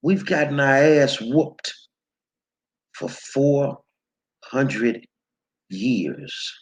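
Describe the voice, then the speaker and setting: A man's voice: mid-range voice, very slow. A man hosting his own show, delivering heated, profane commentary straight at his viewers, confrontational and stumbling over repeated words. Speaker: show host.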